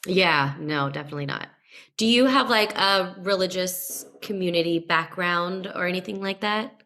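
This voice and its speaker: Young woman podcast cohost, lowish voice, rambly, lots of "like"s. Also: normal speed, sharp tone. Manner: chatty, many "like" fillers. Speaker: podcast co-host. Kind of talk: casual chat.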